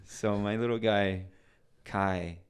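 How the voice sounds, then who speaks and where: A man's voice: fairly low pitch, slow pace, clean tone. A middle-aged man, a podcast guest, telling stories in conversation, acting out voices and often restarting his sentences. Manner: animated, acts out voices in anecdotes; frequent restarts and trailing phrases. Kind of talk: storytelling in conversation.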